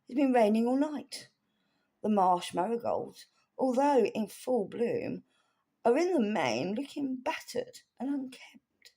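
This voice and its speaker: A woman's voice: on the high side, sing-song, takes it slowly, dark tone, slightly rough, voice pushed up, full character voice. A woman reading aloud in a put-on posh English accent, playing a refined lady diarist. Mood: prim. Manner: genteel, prim reading.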